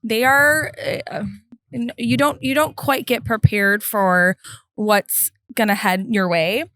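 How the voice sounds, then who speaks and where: A woman in her forties, a co-parenting mom, talking reflectively in casual chat with many pauses and fillers. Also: on the high side, steady tone, a bit bright, dry recording.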